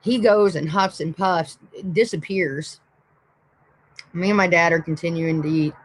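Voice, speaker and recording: A woman's voice: lowish voice, measured pace, poor audio. A woman hosting a livestream, telling a rowdy personal story in a rambling, profane, blunt way. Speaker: livestream host. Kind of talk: casual storytelling.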